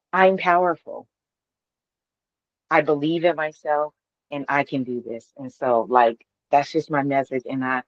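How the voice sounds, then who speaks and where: A woman sharing a personal spiritual testimony in a casual, emphatic, animated way. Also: sits low, no echo, muffled recording. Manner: animated, emphatic, laughs often.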